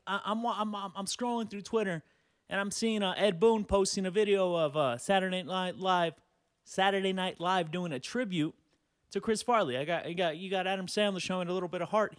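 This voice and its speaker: A man's voice: high voice, no echo. Profane ranting young man, dry close mic. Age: 20s. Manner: sarcastic, profane, rambling with many fillers. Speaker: podcast host. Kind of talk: ranting solo podcast.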